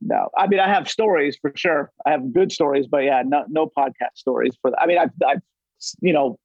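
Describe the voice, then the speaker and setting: Man, middle-aged, from Los Angeles, casual guest chat, rambling with restarts, somewhat high voice, muffled dry recording. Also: moderate pace, vocal fry, dry recording. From Los Angeles area. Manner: rambling, many restarts and swearing. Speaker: podcast guest.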